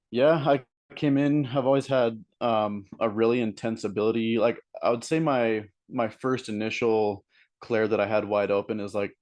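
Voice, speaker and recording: A young man with a fairly low voice explains things as a guest teacher at a workshop. His talk is casual and meandering, full of hesitations and filler words. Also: darkish tone.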